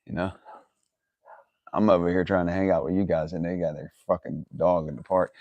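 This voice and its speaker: A man's voice: low voice, steady tone, brisk, a little mellow, no room sound, muffled recording. A man hosting a casual livestream from his yard, rambling and swearing, laughing often. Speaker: livestream host. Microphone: phone camera.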